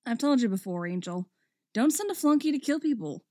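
A woman voicing a grumpy, brooding male puppet who speaks in a low, growling tone in a read-aloud story. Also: expressive, a little fast, warm tone, no room sound, clean studio sound, close to an everyday voice.

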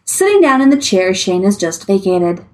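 Woman narrator reading a story aloud; lively, animated pitch. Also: moderate pace. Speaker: story reader. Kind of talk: reading fan fiction aloud.

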